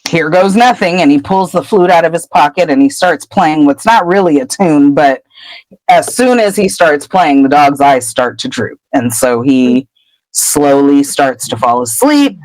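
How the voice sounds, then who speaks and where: A woman's voice: low-pitched, lively intonation, unhurried, a little mellow, no room sound, low-quality recording. A woman podcast host casually retelling a book chapter in a chatty way. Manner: chatty, breaks into character voices.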